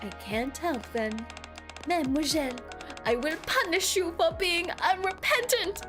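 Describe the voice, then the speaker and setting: A woman's voice: very high voice, measured pace. A woman doing a smug villain with a French accent. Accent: put-on French. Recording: game music playing loudly behind.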